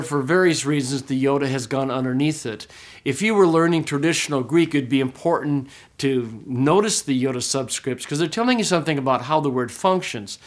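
A man teaching a recorded class, explaining step by step, often checking in with "okay?", and slowing way down to model pronunciations. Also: on the high side. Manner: slow, drawn-out demonstration of pronunciations. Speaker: Greek teacher.

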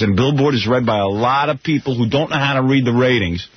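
A man's voice: mid-range voice, fast talker, few pauses, husky. A man hosting morning radio talk, blunt and sarcastic, ranting about his ratings. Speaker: radio host. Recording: dull lo-fi radio broadcast.

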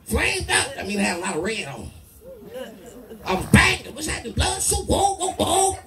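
A man doing a crude, rowdy stand-up set full of loud character bits. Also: very high-pitched, very animated, normal speed. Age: 40s. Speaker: stand-up comedian. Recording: live club mic, distant with crowd noise.

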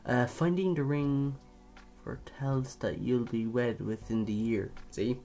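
A man's voice: mid-range voice, fairly even intonation, measured pace, mellow, faint music behind. A young man from Ireland doing casual quiz commentary, chatty, swearing casually and laughing at his own jokes. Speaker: video creator.

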